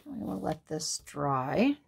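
Slow, gravelly-voiced woman crafting. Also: low-pitched, sing-song. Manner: thinks aloud, musing and unhurried. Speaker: card-making tutorial host. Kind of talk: casual crafting tutorial talk.

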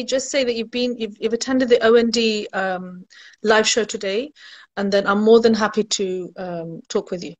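A woman education recruiter chatting casually on a live stream, laughing at her own jokes and answering viewers' questions. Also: fairly high pitch.

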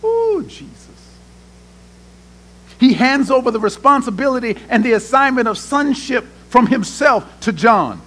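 Man, pastor, high voice, animated sermon, acts out prayers, calls out to congregation. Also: normal speed, hardly any pauses. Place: church sanctuary.

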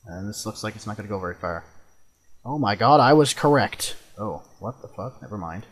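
A young man casually commenting on his own gameplay, chatty and quick to swear and exclaim. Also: on the low side, expressive. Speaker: let's play host.

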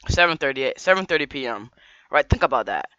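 A male vlogger rambles through a story, filling it with slang and repeated restarts. His voice is bright and clean, with a sharp edge. The recording sounds dry and a little dull, like lo-fi audio. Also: medium pitch, expressive, a little fast, smooth, dry recording. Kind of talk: casual storytime vlog.

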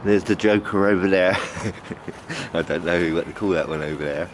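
A rambling, chatty man in his fifties talks into a handheld phone on a city street. His voice sits fairly low, and clear traffic noise runs behind him outdoors. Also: normal speed. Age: 50s. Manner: chatty, rambling, calls out fondly to pigeons by name. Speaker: vlogger. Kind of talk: casual walk-and-talk vlog.

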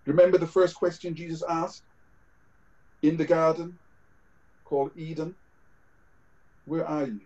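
A man's voice: on the high side, fairly even intonation, measured pace, long pauses, a little mellow, lo-fi sound. A man with a British accent preaching a sermon over a video call, conversational, with scripture quotes and fillers. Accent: British English.

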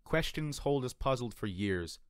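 A man narrating an audiobook in a measured, expressive reading, recorded by himself. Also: mid-range voice, clean tone, no room sound, studio quality. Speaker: audiobook reader. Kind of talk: scripted narration. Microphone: home recording.

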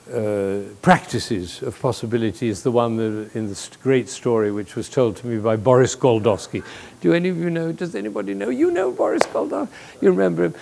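An older man giving a lively, playful talk to an audience, telling stories and jokes as a speaker on music and leadership. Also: medium pitch, creaky. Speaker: conductor and speaker.

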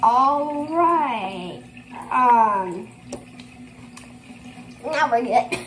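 A woman's voice: fairly high pitch, expressive, extremely slow, fairly bright tone. Young woman, giggly, rambling vlog chat, fillers, roomy echo, noisy background. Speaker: vlogger. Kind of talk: casual get-ready-with-me vlog. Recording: echoey room with ambient noise.

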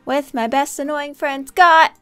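A woman's voice: sits high, fairly even intonation, a little slow, music in the background. A woman hosting a casual gaming video, giggling often and bossing her co-player around in an upbeat way. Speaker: gaming channel host. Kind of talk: casual gameplay chat.

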